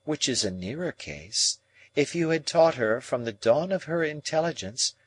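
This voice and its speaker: A man voicing a proud young woman who speaks in a calm, measured, reproachful way in an audiobook. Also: medium pitch, voice pushed up, lightly acted. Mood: cool.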